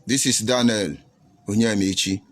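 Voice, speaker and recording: Answering viewers' comments on his livestream, a preacher with a Nigerian English accent turns combative and preachy, firing off rhetorical questions. He speaks at normal speed in a lowish, husky, steady voice, with faint music behind him.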